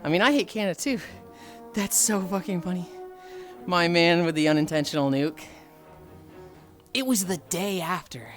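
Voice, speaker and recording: In a high-pitched voice at normal speed, a late-twenties male streamer spins stories for his chat, cursing freely. He's animated and voices the quoted characters, and faint music can be heard in the background.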